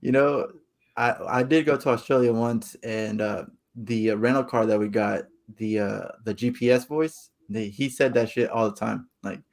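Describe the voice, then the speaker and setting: A man, co-hosting a casual podcast chat, laid-back, teasing and quick to laugh. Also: on the low side, steady tone. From United States. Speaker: podcast co-host.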